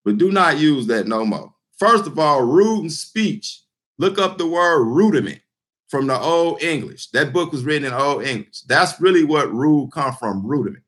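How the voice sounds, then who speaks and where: A man's voice: on the high side, expressive, moderate pace, fairly bright tone. A man giving an informal scripture teaching, talking loosely and bluntly with lots of fillers and repeated words. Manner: blunt and emphatic. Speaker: street preacher.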